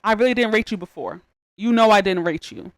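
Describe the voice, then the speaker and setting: A woman's voice: medium pitch, brisk, no echo. Chatty young woman retelling a Bible story. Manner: animated and slangy, with joking asides. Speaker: podcast host.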